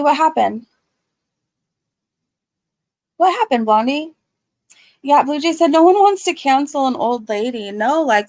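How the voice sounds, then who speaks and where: Soft-spoken woman with gravelly fry. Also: a little high, no echo. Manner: earnest, soft-spoken, many ums and likes. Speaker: YouTube commentary host reading live chat. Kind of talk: casual livestream chat.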